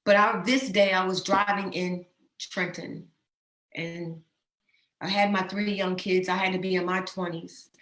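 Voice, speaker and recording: A woman's voice: mid-range voice, steady tone, measured pace, a bit bright. Woman in her fifties, impassioned and emotional host address, echoey room. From New Jersey, USA. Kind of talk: heartfelt personal address. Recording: roomy echo.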